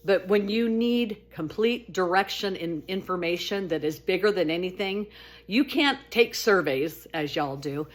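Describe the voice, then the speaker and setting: A woman telling her own spiritual story in a casual, talkative monologue. She is earnest and expressive, and her voice lifts when she gets excited. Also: a little slow. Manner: animated and expressive, voice rising high when excited; earnest, talkative, with frequent restarts.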